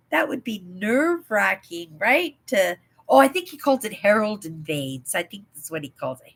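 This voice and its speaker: Older woman host, rambling home livestream chat, slightly high voice, tagging "right?" onto her lines. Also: fairly bright tone, low-quality recording. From Canada. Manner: chatty, rambling, often asks "right?".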